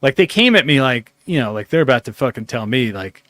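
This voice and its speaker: Animated and fairly quick, a man with a medium-pitched, slightly bright voice and no room sound hosts a podcast. He rambles through a long tale with lots of swearing, voicing the dialogue himself, in a casual storytelling chat.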